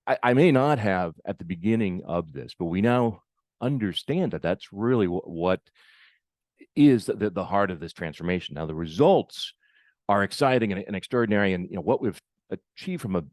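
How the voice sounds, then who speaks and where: An American man giving a conference keynote talk, halting and often repeating his words as he goes. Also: low-pitched, darkish tone, dry recording, clean studio sound. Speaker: keynote speaker.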